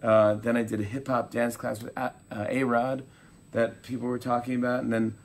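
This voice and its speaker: A man being interviewed about his talk show, telling animated anecdotes and acting out the quotes. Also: medium pitch, normal speed, a little hiss or hum. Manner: animated storytelling, acts out quotes. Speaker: talk show host as guest.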